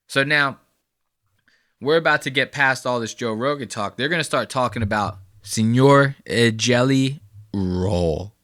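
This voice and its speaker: A man's voice: mid-range voice, bright, forceful tone, dry recording, studio quality. A man hosting a podcast, giving a mocking, profane reaction commentary on clips. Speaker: podcast host.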